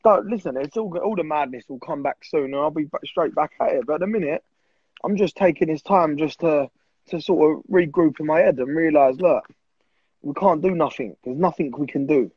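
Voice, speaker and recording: Laid-back sweary male guest, husky, dull dry sound. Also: on the high side, a little fast, no echo. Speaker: podcast guest. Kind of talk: casual podcast chat.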